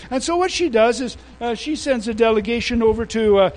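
A man's voice: very high-pitched, animated, poor audio. A man preaching a sermon, retelling a story in a folksy, slangy way and often restarting his sentences. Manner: informal storytelling with casual slang; halting, with many restarts.

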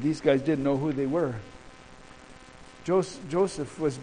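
A high-pitched male pastor preaching a sermon with fervor, piling up repeated declarations. Between the big declarations he slips into a casual, storytelling way of talking. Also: takes it slowly, dark tone, a little hiss or hum, poor audio.

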